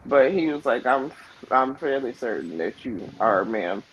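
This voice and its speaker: Young woman, casual live stream panelist, expressive storyteller with a swinging pitch. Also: unhurried, dull audio, a little hiss or hum. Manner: animated storyteller who acts out quoted voices. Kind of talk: casual chat. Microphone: video call.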